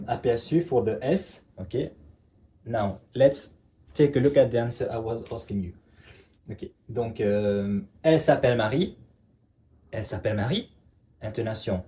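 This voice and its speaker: Male teacher, relaxed dark tone, patient classroom explaining. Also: mid-range voice. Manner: repeats "ok" constantly, checks understanding, slow emphatic examples. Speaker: French teacher.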